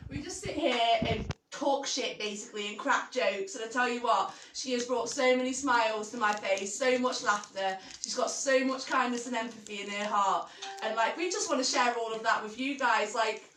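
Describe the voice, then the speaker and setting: Woman co-host, casual stream chat, enthusiastic and sweary, high voice, echoey distant sound. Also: moderate pace, hardly any pauses, fairly bright tone. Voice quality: enthusiastic, sweary, laughs often. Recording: roomy, distant, slightly noisy stream.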